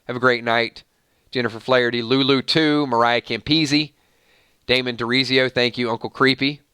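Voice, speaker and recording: A man hosting a casual livestream, chatting loosely and rattling off supporters' names with quick thank-yous. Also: mid-range voice, steady tone, pushed and bright, clear, resonant tone, no room sound, studio quality. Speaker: livestream host.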